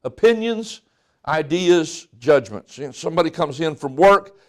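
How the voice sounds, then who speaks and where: A man's voice: fairly high pitch, expressive, normal speed. Man preaching in a folksy storytelling way. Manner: folksy storytelling with self-restarts. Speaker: pastor. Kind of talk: sermon.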